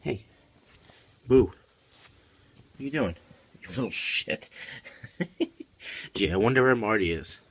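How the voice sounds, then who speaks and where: A man filming his kitten at home, coaxing it in a high baby-talk voice and sounding worried. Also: lively intonation, slow pace, pauses often, fairly bright tone, breathy edge. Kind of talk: casual home video talk.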